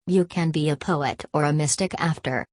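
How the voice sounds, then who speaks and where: A woman's voice: low voice, moderate pace, dry recording, clean studio sound. Woman reading as an earnest young man. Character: earnest, simple-hearted young male nationalist.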